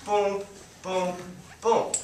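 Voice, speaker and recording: A man teaching a group how to guide visually impaired students, repeating "boom" to mark each point as he demonstrates. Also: little pitch movement, very slow, darkish tone. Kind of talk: live demonstration talk. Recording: echoey room, speaker far from mic.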